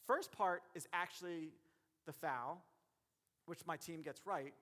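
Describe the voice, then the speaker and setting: A man giving a motivational keynote as a referee, speaking directly to the audience in a lively way. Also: fairly high pitch, measured pace. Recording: long hall reverb.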